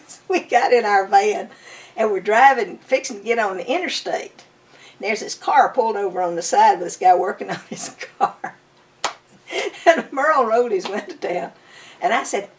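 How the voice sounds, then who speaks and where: An older woman with a drawl talks fondly and eagerly, piling one story onto the next in a relaxed interview. Her voice sits at a middling pitch for a woman and comes across a little distant, as if the mic is some way off. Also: moderate pace. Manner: enthusiastic, chatty, fond storytelling. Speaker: bluegrass musician interviewee. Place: her home.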